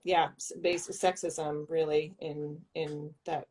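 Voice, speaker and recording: Low-voiced, thoughtful triathlete guest. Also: female voice, little pitch movement, slow, darkish tone. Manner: thoughtful, hesitant, with restarts and fillers. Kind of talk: casual interview chat.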